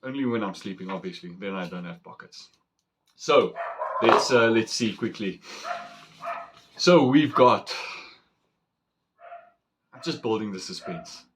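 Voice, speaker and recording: A man chatting casually as he unboxes and reviews a knife, excitable and rambling with fillers. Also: fairly low pitch, slight background noise.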